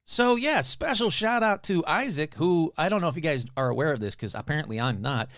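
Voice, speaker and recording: A man's voice: fairly high pitch, lively intonation, fairly quick, few pauses, fairly bright tone, no room sound, studio quality. A man hosting his own podcast in a casual, rambling, chatty way, swearing freely. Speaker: podcast host. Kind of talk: casual chat.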